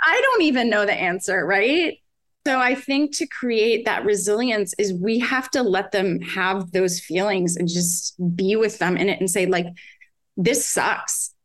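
Candid, animated mother talking about parenting. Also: medium pitch, measured pace. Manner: candid, animated, laughs often, quotes herself and her kids. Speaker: guest, parent of several children. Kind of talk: conversational podcast interview.

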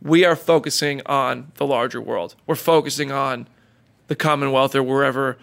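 A man hosting a casual chat, telling stories with lively acted-out quotes. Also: medium pitch, normal speed, creaky. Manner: animated storyteller, acts out quotes.

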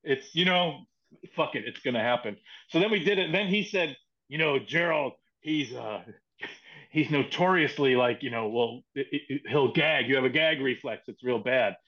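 A man's voice: medium pitch, normal speed. A man who is a guest on a podcast tells a backstage story in a casual, profane way and acts out the quoted dialogue. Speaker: podcast guest, former wrestling writer. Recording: muffled lo-fi sound.

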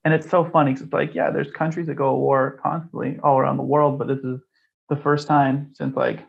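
A man's voice: a little high, level tone, fairly quick, creaky, highs cut off. A man in casual podcast chat, rambling and blunt, with frequent filler words and swearing. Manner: rambling, blunt and profane, peppered with "like".

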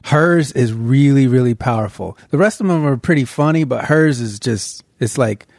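A man co-hosting a podcast, chatting enthusiastically in relaxed slang. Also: medium pitch, moderate pace, vocal fry, no echo. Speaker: podcast co-host. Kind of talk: casual chat.

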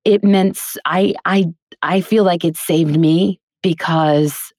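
A woman's voice: fairly low pitch, takes it slowly, no echo, clean studio sound. A middle-aged woman from Queens with a faint New York accent, a voice actor and teacher telling stories in a casual interview and laughing often. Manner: chatty, animated storyteller, laughs often.

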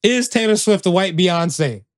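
A man's voice: sits high, lively intonation, unhurried, dry recording, studio quality. A man from Canada co-hosting a podcast in casual chat, slangy and rambling with lots of fillers and restarts. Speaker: podcast co-host.

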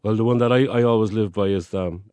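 A man's voice: on the low side, steady tone, fast talker, dark tone, clear, resonant tone, no room sound. A man with a Cork Irish accent who chats in a dry, teasing way. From Ireland. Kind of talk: casual chat.

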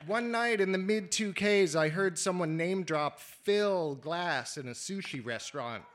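Man reading wry prose, higher voice. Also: measured pace, a bit bright. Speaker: reader at a literary reading. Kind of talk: reading his own prose aloud.

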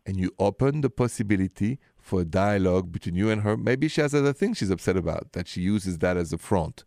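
Calm male radio host. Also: on the low side, fairly quick, gravelly, few pauses, no room sound, studio quality. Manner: calm, gentle advice with French phrases. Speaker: radio call-in show host. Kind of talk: relationship advice radio show.

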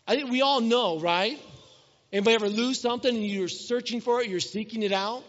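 A middle-aged male pastor with a very high-pitched voice preaches a little fast in a church hall, and the recording sounds dull with long hall reverb. His sermon is conversational, questioning the congregation and acting out everyday scenes.

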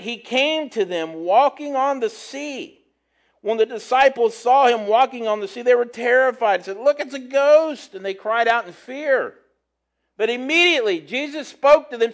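A man preaching a conversational sermon, reading scripture and adding relaxed, chatty asides. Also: high-pitched.

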